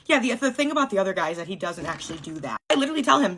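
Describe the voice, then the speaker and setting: A woman's voice: medium pitch, animated, racing, few pauses, bright, forceful tone. A young woman telling a story casually and bluntly, with frequent swearing and lots of filler words. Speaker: storytime vlogger.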